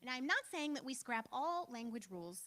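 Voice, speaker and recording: A fairly high, lively woman's voice in her thirties, talking casually through a church training. Her pitch leaps around as she jokes at her own expense and fills gaps with "like" and "um". She sounds like a pastor teaching a room, conversational rather than preachy. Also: a little fast. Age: 30s. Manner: chatty, self-deprecating, frequent "like" and "um".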